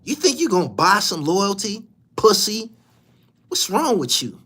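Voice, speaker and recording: At a measured pace and with a breathy edge, a man on his podcast delivers a furious, foul-mouthed tirade, mocking his target and saying lines again for effect. His pitch swings wildly as he moves between loud, high bursts and low muttering on the side.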